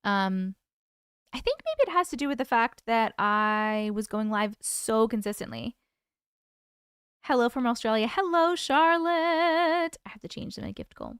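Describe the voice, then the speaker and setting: A woman's voice: mid-range voice, big pitch swings, normal speed, fairly bright tone, smooth, dry recording, clean studio sound. A woman hosting a casual livestream, reading out viewer comments and greeting people by name in a chatty, affectionate way. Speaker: livestream host.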